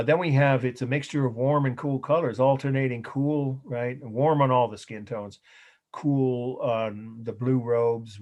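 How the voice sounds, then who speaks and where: Middle aged guy lecturing on art, kinda rambly, fixes his words a lot, little laughs, normal pitch. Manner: rambling, self-correcting, chuckles often. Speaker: art history instructor. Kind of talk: recorded lecture.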